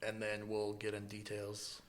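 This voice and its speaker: His voice is on the low side, unhurried and completely flat. He's a Midwestern American podcast co-host whose casual chat is easygoing and joking, loaded with fillers.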